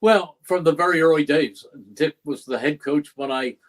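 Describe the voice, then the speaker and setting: A fairly high-pitched older man, long a radio play-by-play broadcaster, speaks at normal speed in an interview, telling reflective, earnest stories and dramatizing quoted speech. The recording is rough.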